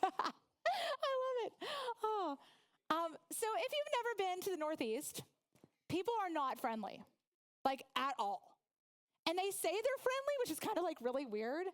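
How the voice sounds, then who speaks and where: A woman in her forties from Oklahoma gives a humorous motivational talk in a high, bright voice. Her pitch leaps all over as she tells stories and laughs along with the crowd. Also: measured pace. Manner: lively storytelling, laughs with the audience. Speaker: guest speaker.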